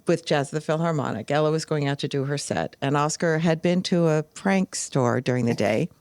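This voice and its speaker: A woman's voice: low voice, a little fast, slight background noise. An older woman, a podcast guest, telling stories in casual conversation and acting out the people she quotes. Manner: animated storyteller, acts out quoted voices.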